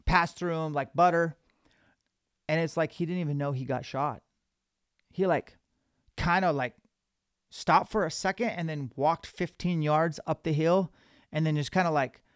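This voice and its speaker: A man hosting a podcast, telling a hunting story in an animated, casual way. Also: on the high side, smooth, no room sound, studio quality. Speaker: podcast host.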